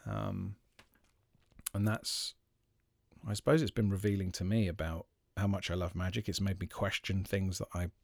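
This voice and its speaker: A man's voice: low-pitched, level tone, creaky, no room sound. Guy musing on his podcast, lots of ums and restarts, dry close sound. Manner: thoughtful, halting, many fillers and restarts. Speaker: podcast host, magician. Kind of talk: reflective solo podcast talk.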